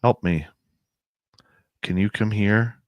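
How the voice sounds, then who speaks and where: A man imitating an inhuman voice in the woods that mimics a woman calling for help, in a flat monotone with no emotion. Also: lowish voice, takes it slowly, no echo, dull audio.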